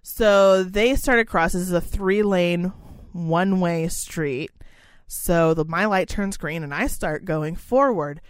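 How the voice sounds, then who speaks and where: A woman co-hosting a podcast, telling a rant-style story with lots of swearing and excited outbursts, close to a studio mic. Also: fairly low pitch, takes it slowly, dry recording. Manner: profane, animated, gets loud and excited. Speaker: podcast co-host. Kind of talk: casual storytelling chat.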